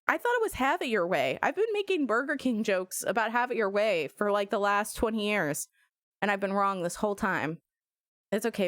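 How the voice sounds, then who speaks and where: A woman's voice: mid-range voice, no room sound, clean studio sound. A woman live-streaming, chatting casually and jokily with her viewers, often breaking into squeals and laughter. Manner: animated, jokey, sudden squeals and laughs.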